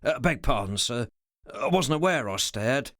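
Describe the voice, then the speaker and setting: A man doing Ricardo, a rough-voiced henchman. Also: medium pitch, animated, normal speed, fairly bright tone, no echo, studio quality, natural voice. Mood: jovial. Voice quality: rough, coarse speech. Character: rough, scheming male henchman, secretary to a gentleman.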